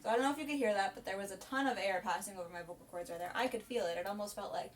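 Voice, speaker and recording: A woman's voice: mid-range voice, rapid-fire, hardly any pauses. A young woman, a soprano singing teacher, chatting through a casual vocal lesson in an explanatory way. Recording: voice from a distance, piano behind.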